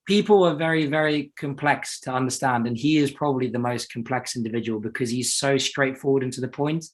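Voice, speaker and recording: A man's voice: mid-range voice, a little fast. Young man, from South Africa, racing driver guest, casual, rambling, self-deprecating, lots of restarts. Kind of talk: casual interview chat.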